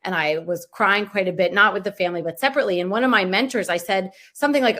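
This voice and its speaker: A woman's voice: medium pitch, quick pace, few pauses, fairly bright tone. A woman in her thirties, a pediatric oncologist, chatting casually on a video call, with lots of "like" and "right?".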